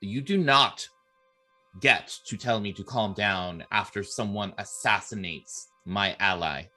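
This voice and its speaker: A man puts on a quick-tempered fire mage who speaks with force and command. His very deep voice has a bright, hard edge, and he talks slowly. Faint music hums in the background. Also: full character voice. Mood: furious. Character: fiery male spellcaster, quick to anger.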